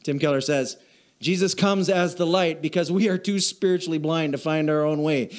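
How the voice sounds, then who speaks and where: A man preaching a church sermon as pastor, who repeats short phrases in a steady cadence, asks the congregation for an "amen", and gets emotional while reading. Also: on the high side, normal speed. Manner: repetitive preaching cadence, call and response. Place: church sanctuary.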